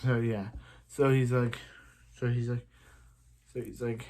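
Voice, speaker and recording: A man's voice: mid-range voice, level tone, a little slow, darkish tone. A man giving a casual, rambling recap of a TV episode, full of restarts and filler words. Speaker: show reviewer.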